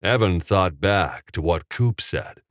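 A man reading an audiobook chapter in a measured, even storytelling manner. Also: sits low, no echo. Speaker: audiobook narrator. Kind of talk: scripted audiobook narration. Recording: dry, close.

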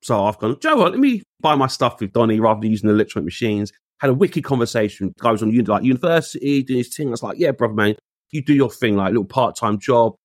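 A man tells a story with a lively, swinging voice and slips into the voices of the people he quotes. His slang is casual and the recording is dry and close. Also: medium pitch, fast, no room sound. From England. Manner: animated, acts out quoted voices, uses street slang. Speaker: guest.

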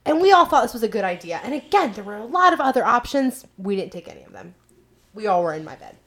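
Young woman, casual podcast storyteller, expressive pitch, loose and profane. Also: quick pace. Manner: lively storyteller, swears casually. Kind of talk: casual chat.

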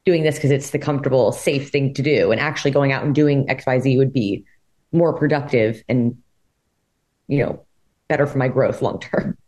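A woman with a low-pitched voice speaks on a podcast. She thinks out loud and reflects as she talks, pausing and hesitating now and then. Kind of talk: podcast conversation.

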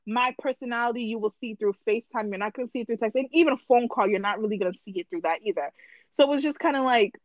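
A woman co-hosting a podcast in casual chat, slangy and animated, making long points. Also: a little high, rapid-fire, dry recording, muffled recording. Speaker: podcast co-host.

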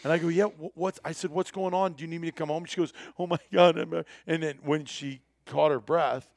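A man's voice: fairly high pitch, fairly quick, gravelly, no room sound, studio quality. A man telling a hunting trip story in casual chat, acting out the people he quotes. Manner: animated storyteller, acts out quoted voices.

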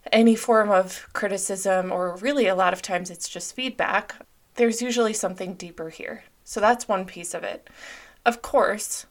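Young woman podcaster, earnest and open, says like a lot, mid-pitched voice. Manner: open, earnest, filler-heavy. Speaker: podcast host. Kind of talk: casual self-help podcast talk.

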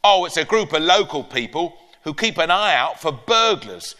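A brash, cheeky old granny squawks high and loud, her voice bouncing all over the place, as a man puts her on for a storybook reading. It rings out in a long-echoing hall. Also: normal speed. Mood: gossipy. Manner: loud, shrill and animated. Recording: echoey live hall.

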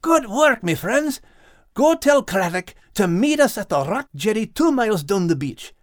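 A man voicing an eager male dog who leads his friends and gives orders, in a higher voice than his own. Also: sing-song, normal speed, no room sound, clean studio sound. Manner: eager, bossy.

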